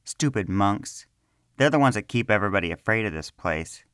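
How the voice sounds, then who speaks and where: A man's voice: lowish voice, animated, normal speed, smooth, no echo, clean studio sound. A man voicing an arrogant young male villager who mocks and scoffs in a storybook reading. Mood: taunting. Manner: taunting, loud and scornful.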